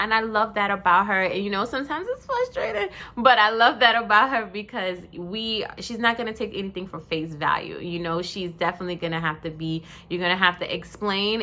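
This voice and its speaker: A young woman pours out praise for her family in an emotional, effusive tribute. Her voice sits fairly low yet sounds bright and forward. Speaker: vlogger honoring her family. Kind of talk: heartfelt personal tribute.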